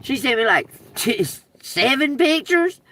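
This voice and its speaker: A woman streaming live from her phone, telling a story in an animated, emphatic and profane way. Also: sits high, a little slow, no echo. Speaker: livestreaming tarot reader. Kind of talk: casual livestream storytelling.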